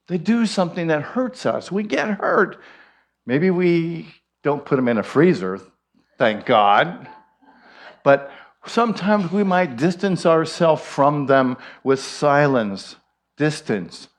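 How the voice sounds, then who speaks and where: A man, a minister, giving a sermon and telling a joke in an unhurried storytelling way. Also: a little high.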